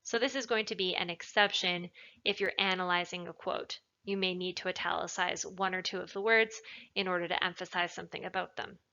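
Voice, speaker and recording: A woman tutor giving a recorded writing lesson, explaining clearly and stressing key words. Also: lowish voice, fairly even intonation, a little fast, bright, forceful tone, highs cut off. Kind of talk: recorded lecture narration.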